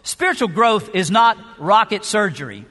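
A man's voice: sits high, sing-song, normal speed, sharp tone. A man preaching a sermon as pastor, emphatic, with rhetorical questions and shifting pace. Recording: long hall reverb.

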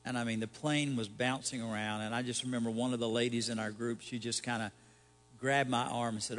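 A man's voice: medium pitch, little pitch movement, brisk, fairly bright tone, in a large hall. A man, a pastor, giving a conversational sermon with rhetorical questions and light humor.

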